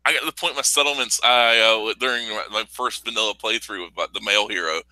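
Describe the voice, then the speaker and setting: Casting: male podcast co-host, rambling and profane, very bright tone, dry close sound. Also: lowish voice, fast talker, no echo, poor audio. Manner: rambling, laughs often, profane. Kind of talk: casual gaming chat.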